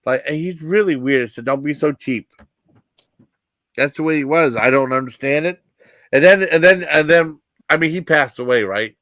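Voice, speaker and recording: A man in his fifties telling rambling personal stories as a vlog host, halting with many fillers and restarts. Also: a little high, fairly bright tone, no echo.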